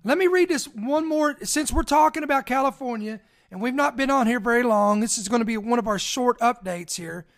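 Woman hosting a live news stream, rereads lines slow, trips on words, talks right to viewers. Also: a little high. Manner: rereads key phrases slowly for emphasis, addresses viewers directly; stumbles and restarts words while reading. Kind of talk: live commentary reading news aloud.

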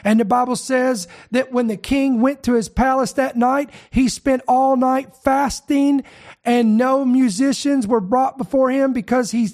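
High-pitched preacher guy, middle-aged, fired up, telling his story then hammering the point home. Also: steady tone, unhurried, a little mellow. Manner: fervent, storytelling, rises to emphatic declarations. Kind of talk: sermon.

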